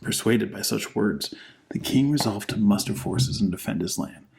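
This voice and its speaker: A man with a low, gravelly voice reads an old saga in soft-spoken ASMR, right up close to the microphone. He keeps slipping into rambling, half-whispered asides full of likes. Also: moderate pace, low-quality recording. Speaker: ASMR channel host reading a saga. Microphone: microphone with headphones.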